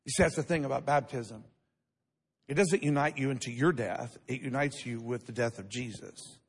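A man's voice: mid-range voice, normal speed, slightly rough, long reverb tail. A man pastor preaching a sermon to a church congregation, emphatic and asking the crowd questions for responses. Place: church sanctuary.

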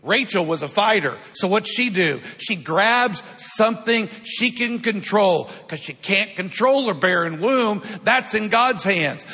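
A man's voice: high-pitched, lively intonation, unhurried, hardly any pauses, pushed and bright, husky. A man preaching a sermon in a church, calling out to the congregation for responses. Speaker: pastor. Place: church sanctuary. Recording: long hall reverb.

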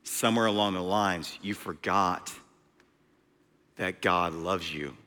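A male preacher delivering a sermon, emphatic, swinging between loud and hushed delivery. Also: low-pitched, takes it slowly, long reverb tail.

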